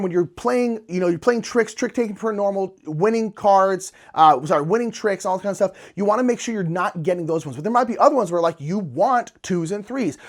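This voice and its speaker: Chatty, enthusiastic man, casual board-game vlog host, loose and filler-heavy. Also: high voice.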